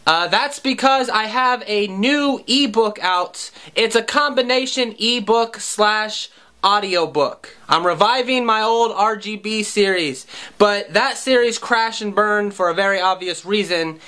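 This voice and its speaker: A man of about thirty tells a funny story from his own life, swearing freely and poking fun at himself. His voice sits high for a man and has a bright, forward edge. His tone is dry and wry. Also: unhurried, clear, resonant tone. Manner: wry, profane and self-mocking. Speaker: musician and vlogger. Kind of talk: comic personal storytelling.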